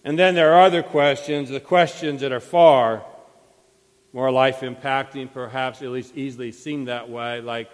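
A man's voice: mid-range voice, steady tone, normal speed, big-room sound. A man preaching a sermon as pastor, retelling a story with dramatic acted quotes. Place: church sanctuary.

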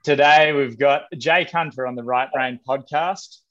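A man's voice: mid-range voice, measured pace, a bit bright. A man hosting a podcast, asking questions in an easygoing, joking, matey way. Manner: joking, easygoing, mate-style banter. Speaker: podcast host. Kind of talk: casual interview chat. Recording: dull lo-fi podcast sound.

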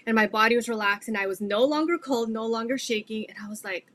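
A woman's voice: fairly high pitch, fast, fairly bright tone, slight background noise. A middle-aged woman earnestly telling her faith testimony in an interview, rambling with many fillers. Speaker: guest sharing her testimony.

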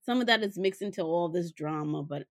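A woman's voice: on the low side, expressive, a little fast, dry recording, clean studio sound. A young woman co-hosting a podcast in casual chat, animatedly telling stories and acting out her children's voices. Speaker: podcast co-host.

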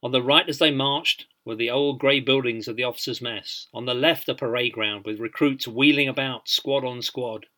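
A man narrating a biography in an audiobook, measured and dryly humorous. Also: mid-range voice, steady tone, sharp tone.

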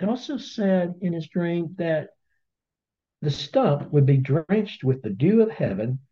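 Lively guy retelling a bible story, slightly high voice, muffled lo-fi webinar audio. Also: takes it slowly. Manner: animated storyteller who acts out voices. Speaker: Bible study teacher.

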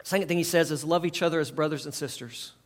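A man's voice: fairly high pitch, fast talker. A middle-aged man preaching a sermon in a conversational way, leading his listeners to repeat phrases back to him. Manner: conversational preaching, leads the audience in call-and-response. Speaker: pastor.

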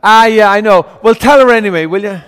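A man's voice: sits high, a little fast, a bit bright, clear, resonant tone, in a large hall, pitched above the performer's own voice. A man voicing an old woman beggar who speaks in a chatty, coaxing way.

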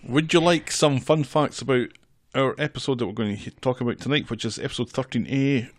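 A man's voice: mid-range voice, brisk, no echo. A man co-hosting a casual podcast, teasing his co-host with dry humor.

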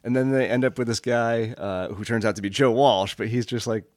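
A man co-hosting a podcast in casual chat, relaxed and agreeable as he thinks aloud. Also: mid-range voice, a little fast, a little hiss or hum. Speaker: podcast co-host.

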